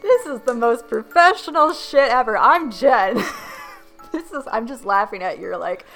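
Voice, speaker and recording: Bright, lively teasing woman co-host. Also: on the high side, unhurried, faint music behind, rough recording. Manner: teasing, sarcastic banter. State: hungover. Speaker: podcast co-host. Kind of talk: casual chat.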